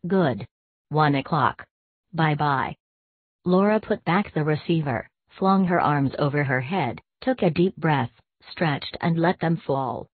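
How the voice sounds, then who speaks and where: Woman narrator, low voice, measured storybook reading, dry tinny sound. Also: breathy edge, dry recording. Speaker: audiobook narrator. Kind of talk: scripted narration of a classic short story.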